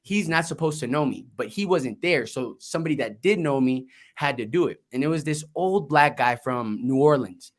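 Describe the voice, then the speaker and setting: A young man tells his story as an interview guest, blunt and energetic with plenty of swearing. His voice sits in an ordinary middle pitch. He talks casually, with restarts and quick asides. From Colombia, raised in Florida. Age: young adult. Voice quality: energetic, candid, swears freely. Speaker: guest, investor and Marine veteran.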